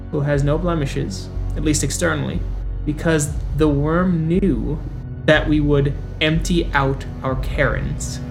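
A player speaking as a cautious werewolf elder who reasons aloud and keeps posing questions to the council. The voice sits at a middle pitch, with faint music in the background. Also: natural voice. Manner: measured, persuasive, rhetorical questions. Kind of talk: in-character roleplay speech.

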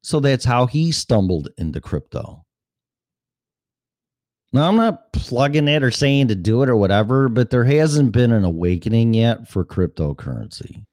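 A man's voice: medium pitch, sing-song, normal speed, a little mellow, no echo, studio quality. A man in his fifties hosting a show, talking in a rambling, profane, blunt way. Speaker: podcast host. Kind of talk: casual monologue.

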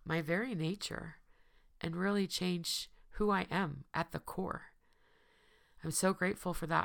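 With a low, heavily gravelly voice that's hoarse and tearful, a woman speaks earnestly to her listeners. She's a podcast host and recovery coach, and she repeats phrases again and again for emphasis in this heartfelt personal address.

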